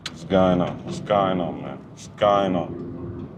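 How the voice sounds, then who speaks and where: A man's voice: sits low, slow pace. A young man giving slangy, laughing driving commentary from behind the wheel. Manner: casual slang-heavy chatter, laughing often. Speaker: car vlogger. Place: inside a car on the road. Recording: loud engine and road noise.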